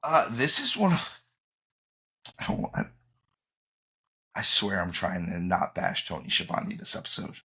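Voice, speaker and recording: A man's voice: low voice, wildly swooping pitch, unhurried, pauses often, sharp tone. Opinionated man co-hosting a podcast. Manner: opinionated, emphatic, frequent restarts. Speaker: podcast co-host. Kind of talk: casual chat.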